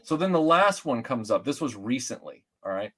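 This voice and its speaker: Man, 40s, from Atlanta, casual chat guest, chatty restarts, medium-pitched voice. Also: normal speed, breathy edge. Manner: rambling, animated, many restarts and fillers.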